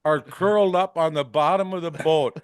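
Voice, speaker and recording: A man's voice: a little high, normal speed, clear, resonant tone, no echo, studio quality. A man from Wisconsin, a fishing guide, telling rambling stories on a podcast, often ending lines with "right?" and acting out salty quotes. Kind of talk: casual storytelling. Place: podcast studio.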